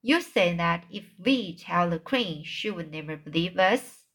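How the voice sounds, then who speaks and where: A woman reading the lines of an excitable, bold little girl in a children's book read aloud. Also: lowish voice, measured pace. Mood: eager.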